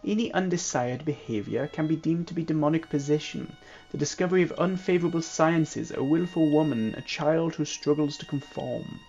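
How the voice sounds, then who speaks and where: A man's voice: fairly high pitch, normal speed, vocal fry, darkish tone, lo-fi sound, soft background music, voice pushed up. A man reading a stern priest with a put-on French accent, in a raised, preachy voice. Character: stern male priest warning against exorcisms. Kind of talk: reading game dialogue aloud.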